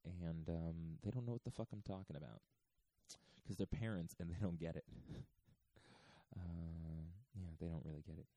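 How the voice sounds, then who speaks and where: Low, very dark, dry male voice, hushed and rambling; swears a lot, chuckles often, drifts from topic to topic. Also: normal speed, no echo. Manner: hushed, half-whispering; profane, digressive, chuckling. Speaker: podcast host. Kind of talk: rambling comic monologue. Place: renovated church getaway, indoors.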